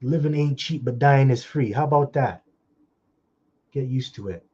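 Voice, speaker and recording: A man giving an informal scripture talk, blunt and scolding with mocking asides, and reading the verses slowly. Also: mid-range voice, dark tone, breathy edge, dull audio. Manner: slow, drawn-out scripture reading. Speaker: preacher.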